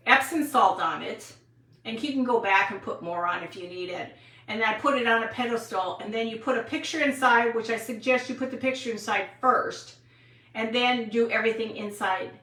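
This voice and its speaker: A woman in her sixties from Wisconsin rambles cheerfully through a home craft livestream and stops often to answer viewers. Her voice is bright and sits a little high. She is some distance from the mic in a room with a roomy echo. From Wisconsin, USA. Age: 60s. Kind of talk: casual craft livestream chat.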